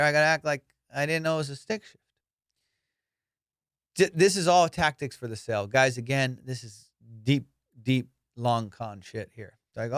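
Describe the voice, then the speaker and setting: A man hosting a podcast, telling a story in casual chat, animated and profane, acting out both sides of a conversation. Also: medium pitch, dry recording, studio quality. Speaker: podcast host.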